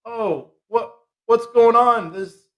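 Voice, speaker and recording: A man playing a satyr bard at a tabletop game, with a high voice. His talk is casual and laid-back, full of slang and loose, easygoing phrasing. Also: slow, a bit bright. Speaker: player.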